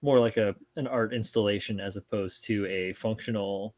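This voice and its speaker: A man's voice: on the low side, steady tone, normal speed, a little mellow, no room sound. A man co-hosting a live hobby stream, rambling and joking in loose casual chat. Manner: rambling, jokey, loose wording. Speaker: co-host.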